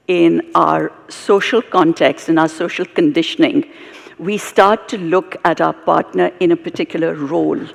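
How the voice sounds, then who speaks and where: Gravelly British woman telling stories on stage. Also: on the low side. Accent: British English. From Britain, of Indian heritage. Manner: animated, expressive storytelling with asides. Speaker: storyteller and guest speaker. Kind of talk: live onstage storytelling conversation. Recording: reverberant live hall.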